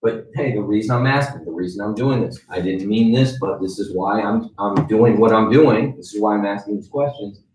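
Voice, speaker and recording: A man's voice: on the low side, a little fast, hardly any pauses, background noise. A man giving a training lecture in a conversational way, often checking in with his listeners. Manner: conversational, checks in with "right?" and "okay?". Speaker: sales trainer. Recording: roomy echo, mic at a distance.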